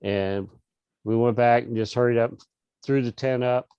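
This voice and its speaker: A man's voice: medium pitch, fairly even intonation, normal speed, dark tone, clear, resonant tone, dry recording, dull audio. A middle-aged man, an interview guest, telling a casual story over a video call with lots of restarts and fillers. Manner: rambling, many restarts and fillers.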